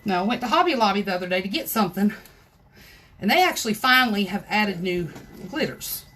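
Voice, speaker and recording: A woman's voice: medium pitch, animated, a little fast, a bit bright. A woman, hosting a casual live crafting tutorial at home and chatting straight to her viewers. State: out of breath.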